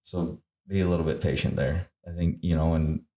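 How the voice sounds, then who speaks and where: A man's voice: very deep voice, a little fast. A man, a hunting guide, telling a story casually and acting out the lines he and others said. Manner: animated, acts out his own quoted lines. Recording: roomy echo.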